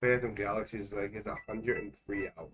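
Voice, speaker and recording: A man's voice: fairly low pitch, flat delivery, highs cut off, a little hiss or hum. Chatty man streaming games from home. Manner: chatty and rambling, quick jokes. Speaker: livestreamer. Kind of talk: casual gaming livestream chat.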